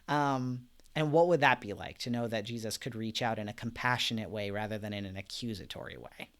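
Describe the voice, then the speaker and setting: A man leading a live-streamed Bible study in a casual, conversational way, gentle and reflective, with frequent fillers and soft laughs, and reading out viewer comments. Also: lowish voice, a little fast, clean tone.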